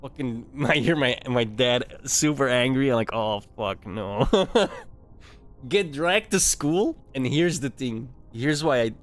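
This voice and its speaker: A man's voice: medium pitch, measured pace, soft background music. Laughing, swearing young guy streamer. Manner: laughs often, swears freely, many restarts. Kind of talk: casual storytelling to a live chat. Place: home streaming setup.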